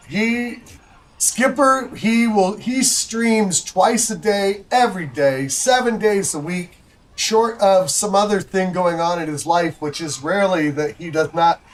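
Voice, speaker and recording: Playing a golf game on a livestream, a man gives rambling, chatty commentary to his viewers. His voice sits high, and the audio is poor.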